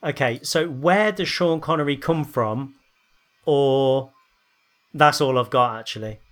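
A man's voice: mid-range voice, unhurried, fairly bright tone, faint music behind. Man telling film trivia casually. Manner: storytelling, hesitant fillers. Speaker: podcast host. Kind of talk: casual chat.

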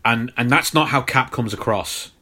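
A man co-hosting a casual film podcast, agreeing and adding thoughts in a measured, slightly halting way. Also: medium pitch, bright, forceful tone. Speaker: podcast co-host.

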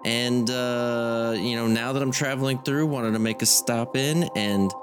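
A man's voice: medium pitch, fairly even intonation, unhurried, music in the background. A man playing a tabletop game, talking casually in character with a drawl.

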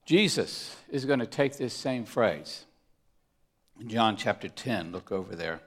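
A man preaching a sermon, swinging between loud emphatic punches and hushed, near-whispered asides. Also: on the low side, lively intonation, measured pace. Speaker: pastor.

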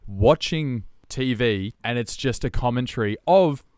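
A man hosting a casual podcast chat, easygoing and quick to agree. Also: mid-range voice, expressive, a little mellow, clear, resonant tone, no room sound, studio quality. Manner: easygoing, frequent short agreements.

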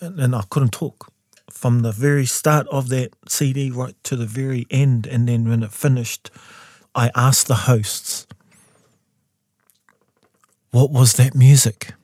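Storytelling New Zealand man, warm dark voice. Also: a little slow, no echo, studio quality. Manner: lively storyteller who jumps into high voices for quotes. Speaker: guest, composer and taonga pūoro player. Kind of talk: storytelling in a podcast interview. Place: studio.

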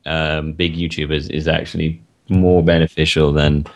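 A man's voice: rumbling low, little pitch movement, normal speed, highs cut off. A man co-hosting a podcast in casual chat, often restarting his words. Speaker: podcast co-host.

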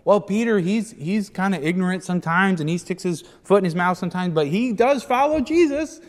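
A man preaching a sermon as pastor, animated and acting out the speakers in the scripture passage. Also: high-pitched, brisk, few pauses, long reverb tail.

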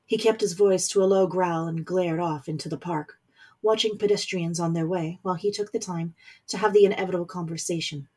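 A woman reading a story aloud as narrator, in measured scripted narration. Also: on the low side, fairly even intonation, dark tone, slightly rough.

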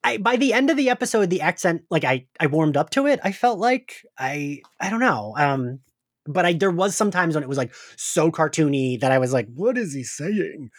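A man's voice: on the high side, lively intonation, a little fast, dry recording. Laughing man on a dry-sounding podcast. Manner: laughing, hesitant, searching for words. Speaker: podcast co-host. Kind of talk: casual chat.

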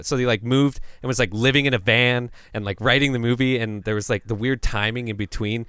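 A man's voice: medium pitch, steady tone, fast talker, hardly any pauses, fairly bright tone, clean tone, no echo, studio quality. A man co-hosting a podcast, chatting casually about horror films, telling stories and acting out the people in them. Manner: storytelling, acts out quoted people, many fillers. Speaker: podcast co-host.

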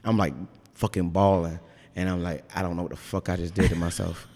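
A man's voice: low-pitched, level tone, brisk, a little mellow, in a large hall. A man brewer chatting casually in an interview, rambling and frank, swearing freely.

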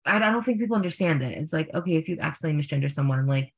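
A young man, a drag performer, telling stories in a casual interview, full of fillers and animated quoted voices. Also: fairly high pitch, rapid-fire, creaky, slightly rough.

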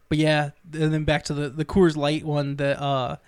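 Relaxed male co-host, a touch high-pitched, dry close mic, conversational and agreeable. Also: measured pace, clear, resonant tone, no room sound. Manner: easygoing, agreeable, hesitant fillers. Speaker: podcast co-host. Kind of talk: casual chat.

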